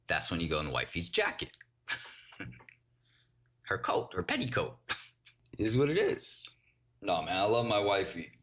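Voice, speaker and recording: A man's voice: low-pitched, very animated, unhurried, pauses often, fairly bright tone. Sarcastic man riffing on a livestream. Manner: sarcastic, mocking riffs with bursts of laughter. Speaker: livestream host. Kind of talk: casual livestream chat.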